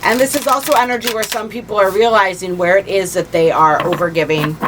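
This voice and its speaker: A woman hosting a spiritual card reading, talking casually and gently, laughing easily and slowing down to stress key points. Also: medium pitch, steady tone, noisy background. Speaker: spiritual reader and channel host.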